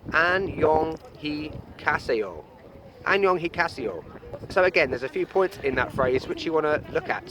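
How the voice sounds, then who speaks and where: A young man presenting a cheerful travel guide vlog, explaining things patiently with a self-deprecating manner. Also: on the high side. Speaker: travel vlogger. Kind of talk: upbeat travel guide to camera.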